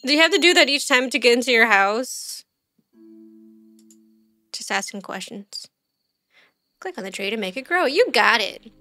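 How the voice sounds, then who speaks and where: A woman's voice: a little high, animated, normal speed, pauses often, sharp tone, soft background music. A woman streamer giving casual let's-play commentary, chatty, thinking aloud and quizzing the game characters.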